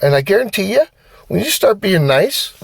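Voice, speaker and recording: A man's voice: high-pitched, normal speed, vocal fry, slightly rough, dry recording. A man giving a blunt, profane motivational rant as a vlogger. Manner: blunt, heavy swearing, animated. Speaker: vlogger and driver.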